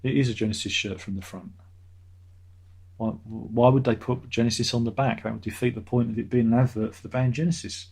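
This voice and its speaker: Middle-aged man, casual stream chatter, sarcastic, mellow dark tone. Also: medium pitch, fairly even intonation, a little fast, breathy edge. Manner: rambling, sarcastic, laughs at his own jokes. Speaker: live stream host reading chat. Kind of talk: casual chat.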